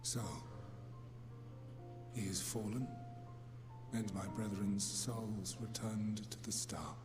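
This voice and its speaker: An actor voicing a solemn ancient male emissary in a video game cutscene, speaking in grave, formal, measured lines. The audio sounds echoey, with music playing under it. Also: lowish voice, flat delivery.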